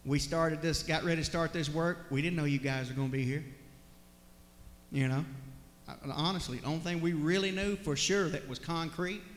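A man's voice: a little high, moderate pace. A man, a pastor preaching and then leading a heartfelt prayer, often repeating "God" and "Lord". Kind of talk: sermon and closing prayer. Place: church sanctuary. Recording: echoey church hall.

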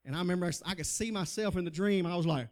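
Speaking very fast in a high-pitched voice, a middle-aged man gives his personal testimony in a folksy, sermon-like style. He laughs often and calls out to the crowd.

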